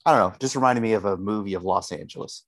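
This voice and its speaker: A man with a somewhat low voice co-hosts a laid-back podcast. He talks loosely and swears freely. The sound is dry and close. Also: racing, no room sound. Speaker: podcast co-host. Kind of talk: casual chat.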